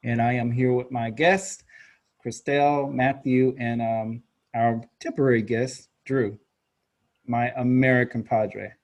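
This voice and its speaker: A man hosting a podcast, chatty and loose, with a middling pitch. He laughs easily and often leaves his sentences unfinished. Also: flat delivery, unhurried, a little mellow. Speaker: podcast host. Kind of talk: casual chat.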